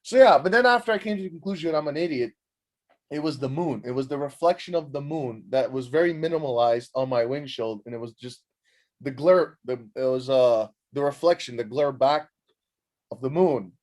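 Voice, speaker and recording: A man's voice: mid-range voice, normal speed. A young man hosting a podcast, telling a rambling comedic story full of swearing, self-mockery and constant "like" fillers. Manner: profane, animated, self-mocking, frequent "like" fillers. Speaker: podcast host.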